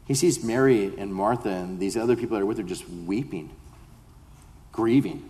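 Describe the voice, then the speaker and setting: A man's voice: on the low side, normal speed, mellow. Man preaching a sermon in a reverberant church. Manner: reads scripture then explains it conversationally, rising to impassioned pleas. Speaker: pastor. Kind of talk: expository sermon. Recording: long hall reverb.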